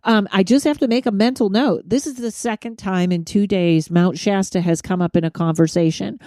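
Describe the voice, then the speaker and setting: A woman hosts a podcast with a mellow, warm voice, chatting casually. She retells everyday stories, laughs easily and acts out what people said. The sound is dry and close. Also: mid-range voice, brisk, no room sound. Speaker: podcast host. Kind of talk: casual chat.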